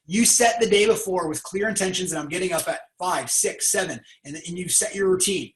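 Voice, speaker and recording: A man hosting a motivational conversation, talking in an energetic coaching tone. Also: high-pitched, a little fast, hardly any pauses, reverberant, low-quality recording. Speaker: podcast host.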